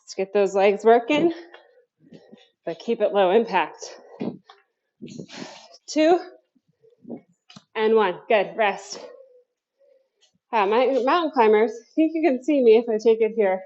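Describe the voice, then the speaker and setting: A woman's voice: a little high, lively intonation, takes it slowly, pauses often, a little mellow, lo-fi sound. A woman coaching a home workout class, counting down cues and chatting between sets while out of breath. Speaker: fitness instructor. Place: home basement.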